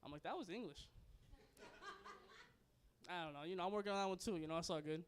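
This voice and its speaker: A man's voice: high-pitched, wildly swooping pitch, a little fast, a little hiss or hum. A young man doing a stand-up comedy set, loose and crude, rambling and laughing at his own jokes. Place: comedy club stage.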